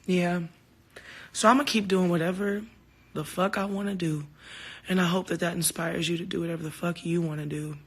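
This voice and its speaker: On a phone livestream, a woman with a lowish, slightly rough voice speaks at normal speed to her fans. She's open and heartfelt, swears freely, and recounts stories animatedly, quoting both sides of conversations.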